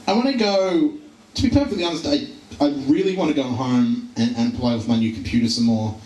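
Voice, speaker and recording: Rambling young comedian on stage. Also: male voice, mid-range voice, a little fast, darkish tone. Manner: rambling, self-deprecating, with many fillers and restarts. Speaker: stand-up comedian. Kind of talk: live stand-up set. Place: live comedy venue. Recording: roomy live venue recording from far off.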